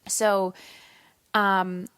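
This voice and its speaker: A woman's voice: mid-range voice, level tone, extremely slow, fairly bright tone, smooth, no room sound. A woman in her thirties hosting a solo podcast, talking candidly and casually with some swearing, tired and yawning. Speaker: podcast host.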